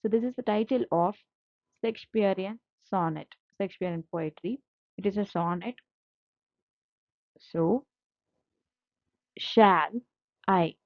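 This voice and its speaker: Slow, patient woman teaching a lesson. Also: mid-range voice, no room sound. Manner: slow, patient, repeats key terms. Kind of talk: slide-based literature lecture. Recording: dull lo-fi dry recording.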